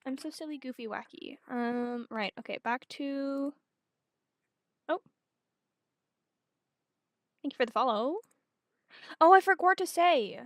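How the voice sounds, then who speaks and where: A woman's voice: sits high, expressive, slow, pauses often, dry recording, studio quality. A young woman streaming, chatting casually with her viewers while fumbling through her setup in a self-mocking, scatterbrained way. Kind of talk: casual live-stream chat.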